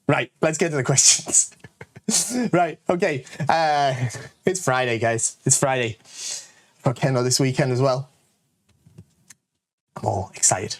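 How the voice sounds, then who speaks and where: A man's voice: mid-range voice, slow pace, pauses often. A man with a northern English accent, hosting a casual, jokey question-and-answer video and often tagging lines with "all right?". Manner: chatty, jokey, self-promoting, lots of "all right?" asides. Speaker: kendo channel host and shop owner. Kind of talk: casual Q&A rant to camera.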